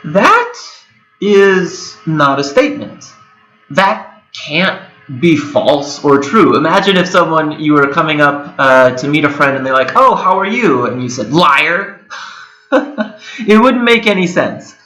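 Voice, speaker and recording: A man's voice: on the high side, sing-song, unhurried, a bit bright. A man in his twenties giving a recorded lecture, talking casually and correcting himself as he goes. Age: 20s. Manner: conversational, with frequent fillers and self-corrections. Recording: echoey room with a whirring hum.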